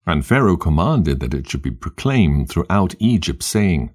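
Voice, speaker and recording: A man narrating a scripture passage in a steady, solemn reading. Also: low voice, moderate pace, few pauses, husky.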